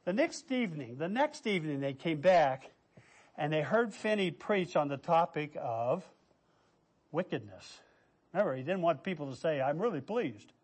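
A man preaching a sermon, telling stories with lively quoted voices and quiet asides. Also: on the high side, moderate pace, slightly rough. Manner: animated, quotes figures in raised voice, drops to quiet asides. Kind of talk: sermon storytelling.

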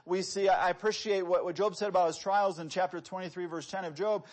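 A man's voice: sits high, steady tone, fairly quick, hardly any pauses, a little mellow. A man preaching a sermon, talking to the congregation in a conversational way, asking rhetorical questions and reading scripture with rising emphasis.

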